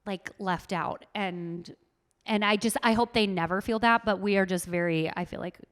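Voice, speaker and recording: A woman's voice: mid-range voice, normal speed, clean tone, big-room sound. A woman with a Minnesotan accent, chatting earnestly as a podcast guest, with lots of "like" fillers. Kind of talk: casual interview chat.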